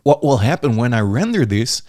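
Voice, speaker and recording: A man's voice: medium pitch, normal speed, no room sound. Guy explaining an app, mid voice, dry close desk mic, chatty. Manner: relaxed, chatty, restarts words. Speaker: software reviewer. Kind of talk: casual screen-recorded tutorial.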